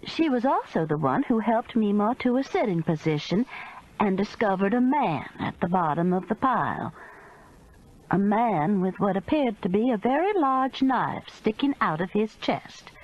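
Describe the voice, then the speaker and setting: A woman reading a cozy mystery audiobook in expressive first-person narration. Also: mid-range voice, normal speed, lo-fi sound. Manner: expressive storytelling.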